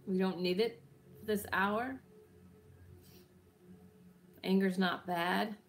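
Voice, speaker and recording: A woman leading a guided healing meditation with tapping, speaking gently and soothingly at an unhurried pace, with occasional yawns. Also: medium pitch, steady tone.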